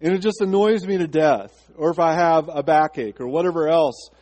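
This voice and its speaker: A man's voice: a little high, moderate pace, darkish tone, long reverb tail. A man pastor preaching a sermon to his congregation, asking rhetorical questions and slipping into a chatty personal story. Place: church sanctuary.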